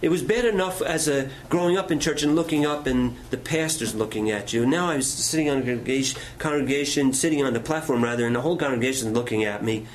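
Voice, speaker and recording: A middle-aged male pastor preaches a sermon at a fast clip with few pauses, his voice medium in pitch. He tells stories in a folksy manner and puts questions to the congregation, with slight background noise audible.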